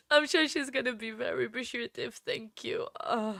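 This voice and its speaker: Tearful woman streamer, gushing thanks, a touch high-pitched, dry close sound. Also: lively intonation, takes it slowly, gravelly, fairly bright tone, dry recording. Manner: gushing, thanking viewers, laughing between phrases. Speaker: livestream host. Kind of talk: casual livestream chat.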